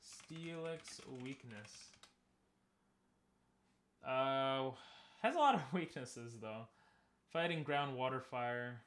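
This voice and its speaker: A man's voice: medium pitch, animated, takes it slowly, long pauses, fairly bright tone. A young man giving casual, joking commentary while streaming a game and talking with chat. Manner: chatty, joking, talks to chat.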